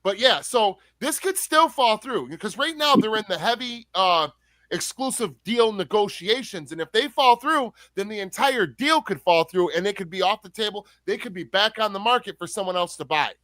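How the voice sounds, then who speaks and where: A man with a high, bright, forceful voice co-hosts a livestream. He sounds exasperated and swears openly. His sound is dry and close. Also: animated, normal speed, dry recording. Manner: exasperated, swears openly, calls people bro. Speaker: co-host. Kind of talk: heated casual chat.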